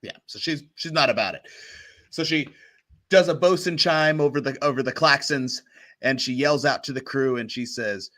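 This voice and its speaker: A man's voice: mid-range voice, normal speed, a bit bright. A man narrating as game master of a tabletop game, chatty and laughing often as he talks.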